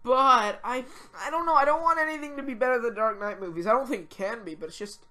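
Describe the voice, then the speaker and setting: A teenage girl co-hosting a casual podcast, talking excitably and rambling with lots of "like". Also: fairly high pitch, fast. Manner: excitable, rambling, heavy use of "like". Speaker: podcast co-host. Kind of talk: casual chat.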